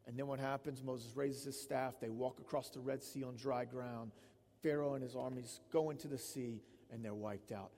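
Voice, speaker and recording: A man in his thirties preaching an expository sermon in a conversational, emphatic way, often tossing in quick "right?" asides. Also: mid-range voice, fairly even intonation, mellow. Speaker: pastor. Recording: long reverb of a large hall.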